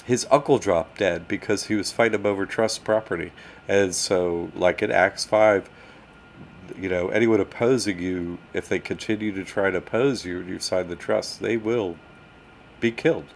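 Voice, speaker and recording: A man hosting a live stream answers his chat casually and with energy as he battles his screen, speaking in a low voice with vocal fry at a moderate pace. A little hiss or hum can be heard.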